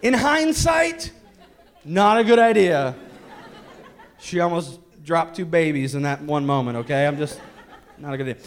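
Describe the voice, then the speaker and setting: A man's voice: fairly high pitch, animated, moderate pace. A man in his thirties, a pastor telling a candid family story in a sermon with jokes and restarts. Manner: candid, joking, many restarts.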